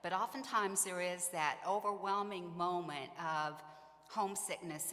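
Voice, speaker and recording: A woman's voice: lowish voice, unhurried, a bit bright, big-room sound. A woman addressing parents in an earnest, informational talk about a student program, sometimes acting out what students and parents say. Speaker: program staff speaking to parents.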